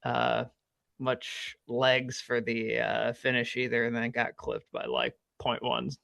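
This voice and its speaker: A man's voice: medium pitch, flat delivery, slow, creaky, a bit bright, no echo, studio quality. A man co-hosting a podcast in casual chat, laid-back and self-deprecating, with lots of fillers. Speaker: podcast co-host.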